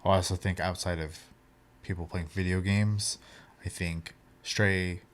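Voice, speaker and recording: Very deep-voiced man, offhand and dry. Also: fairly even intonation, measured pace. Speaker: co-host. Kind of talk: casual podcast chat.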